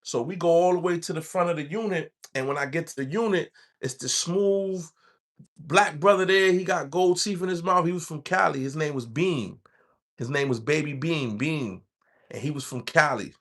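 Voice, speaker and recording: A man's voice: on the high side, moderate pace, fairly bright tone. A man from the Bronx with a New York accent, telling a rambling street story in casual talk. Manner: streetwise, rambling, acts out quoted voices.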